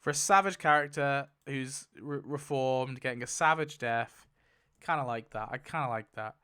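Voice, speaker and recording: Excitable young man, smooth voice. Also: medium pitch, normal speed. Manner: excitable, laughs often, swears, counts aloud. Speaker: YouTuber spinning a wheel. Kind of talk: casual commentary while playing.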